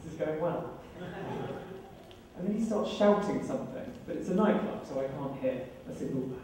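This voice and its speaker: A British man in his thirties performs a live storytelling set, wry and self-deprecating, in a fairly high, mellow voice. He sounds far from the mic, and the event room rings with a heavy echo. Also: lively intonation, brisk, a little hiss or hum. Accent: British English.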